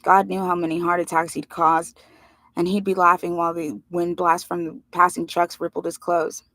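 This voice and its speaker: A woman reading a novel aloud in plain, steady first-person narration. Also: on the low side, moderate pace, no echo. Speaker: reader.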